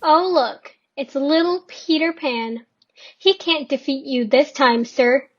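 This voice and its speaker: A woman's voice: high-pitched, slow. A teenage girl playing a mocking pirate crewman in a school play. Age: teens. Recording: dull lo-fi with faint hiss.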